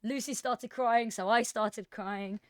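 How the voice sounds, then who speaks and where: Chatty woman caster, bright voice. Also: fairly high pitch, steady tone, slow pace, no room sound. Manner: chatty, self-deprecating, storytelling. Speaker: esports caster. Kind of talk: casual co-caster chat.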